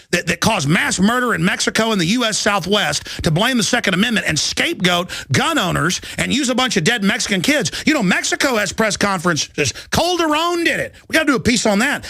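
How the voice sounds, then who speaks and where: A man's voice: high-pitched, vocal fry, dry recording. A man in his thirties hosting a talk radio show, ranting with passion and mocking his opponents in put-on voices. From Texas. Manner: loud, impassioned, mocking impressions. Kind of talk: ranting political radio monologue.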